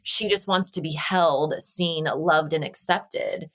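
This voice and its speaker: Woman, bit low-pitched, earnest and reflective, telling stories on a podcast call. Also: slow. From Las Vegas, United States. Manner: reflective, earnest, acts out quoted dialogue. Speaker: podcast guest, energy healer. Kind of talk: casual conversation.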